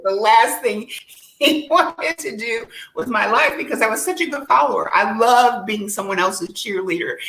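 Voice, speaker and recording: Animated woman coach on a roomy call. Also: a little high, moderate pace, creaky. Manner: animated storyteller, laughs often, acts out quotes. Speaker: life coach. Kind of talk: virtual discussion, personal testimony. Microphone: video call.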